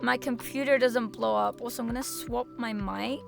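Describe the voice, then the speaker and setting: A woman's voice: fairly high pitch, steady tone, moderate pace, vocal fry. A woman streamer chatting casually with her viewers, gushing and sentimental in a playful way. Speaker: VTuber streamer. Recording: music playing under the voice. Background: background music.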